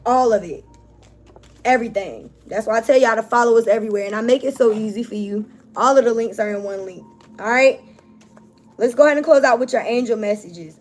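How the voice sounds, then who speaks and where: A woman giving an emotional spiritual tarot reading, talking casually and emphatically to her viewers. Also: a little high. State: tearful, on the verge of crying. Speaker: tarot reader.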